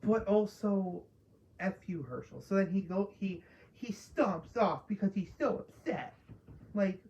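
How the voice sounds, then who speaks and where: A woman's voice: mid-range voice, a little slow, warm tone, muffled recording, a little hiss or hum. A woman casually ranting through a spoiler review of a TV episode, profane and exasperated, mocking characters she dislikes. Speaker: TV show reviewer.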